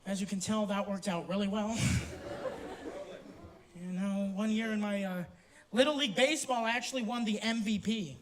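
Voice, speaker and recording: A young man doing a stand-up set in a university theater, brash and swearing, with sudden loud outbursts. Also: sits high, moderate pace, long pauses, crowd noise, background noise. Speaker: stand-up comedian. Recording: roomy theater, distant mic, audience laughter.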